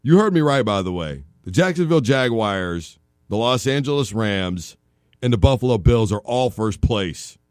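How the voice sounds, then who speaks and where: Animated man hosting sports radio. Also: on the low side, normal speed, no echo, clean studio sound. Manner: animated, jokey, tells long comic analogies. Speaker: sports talk show host. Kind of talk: casual sports radio talk. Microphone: studio microphone.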